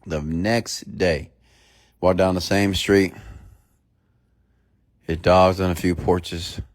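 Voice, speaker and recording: A man's voice: low-pitched, steady tone, slow pace. A man giving a blunt, emphatic motivational sermon and telling a story to his audience. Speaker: motivational speaker.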